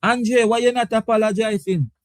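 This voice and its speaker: This sports talk show host speaks in a high voice with a steady tone and normal speed, laughing frequently on his relaxed live stream as he reads comments from viewers. The sound is dry.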